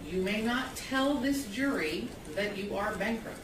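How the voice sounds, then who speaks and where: A woman's voice: mid-range voice, a little slow. A woman serving as judge, firmly instructing a witness in court. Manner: firm, stern. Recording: echoey courtroom, distant mic, noisy.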